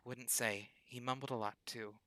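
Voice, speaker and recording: A man voicing a grim female dwarf in a video game, speaking in a flat, weary way. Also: mid-range voice, moderate pace, no echo, close to an everyday voice.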